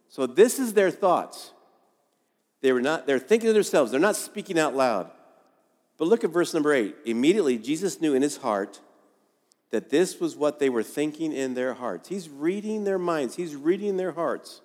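A man's voice: on the high side, animated, normal speed, a little mellow. Man preaching in an echoing hall. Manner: storytelling, acts out quoted voices. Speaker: pastor. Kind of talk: sermon.

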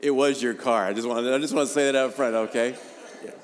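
A man's voice: medium pitch, steady tone, quick pace. A man preaching a sermon in a chatty, personal way, lifting his voice for emphasis. His voice sits in a middle register. It carries a long reverb, as in a church hall. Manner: conversational preaching with jokes and rising emphasis. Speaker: pastor.

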